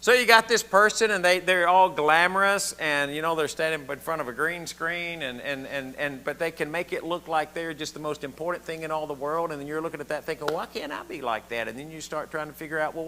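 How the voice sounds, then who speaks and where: An older pastor from the southern United States, with a Southern accent, preaches a conversational sermon in a fairly high, fairly quick voice that sounds pushed and bright. His folksy delivery keeps putting questions to the congregation and repeating words often. A little hiss or hum sits under the recording.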